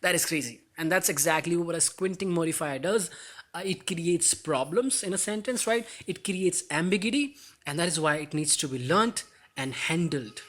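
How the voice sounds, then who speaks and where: A man's voice: fairly high pitch, a bit bright. Upbeat male English grammar teacher. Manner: upbeat, addresses viewers as guys, asks rhetorical questions; slows down and stresses words when reading example sentences. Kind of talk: grammar lesson.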